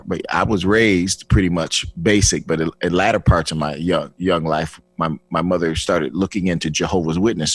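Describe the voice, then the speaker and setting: A man's voice: sits low, breathy edge. A man in his sixties from Flint, Michigan, telling his life story as a guest and acting out the dialogue with lots of restarts. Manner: animated, acts out dialogue with restarts. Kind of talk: personal testimony storytelling.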